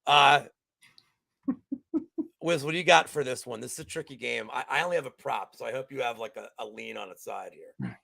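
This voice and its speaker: A man co-hosting a casual sports betting chat, profane and excitable, swinging from loud outbursts to mumbling, just getting over a cold. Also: mid-range voice, a little fast, vocal fry, long pauses, dry recording. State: recovering from a cold. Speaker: co-host.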